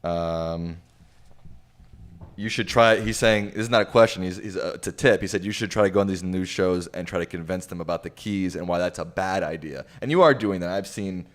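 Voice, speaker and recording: A man hosting a casual livestream, relaxed and reading viewer questions aloud to his guest. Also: sits low, a little fast. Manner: casual, relaxed, with frequent fillers.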